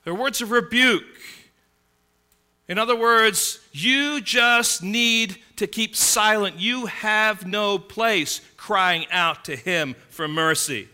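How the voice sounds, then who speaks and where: A male preacher with a very bright, ringing voice set a little high. He delivers his sermon dramatically, swinging between loud cries and quiet, low stretches, and keeps asking his listeners questions. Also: slow pace, clear, resonant tone.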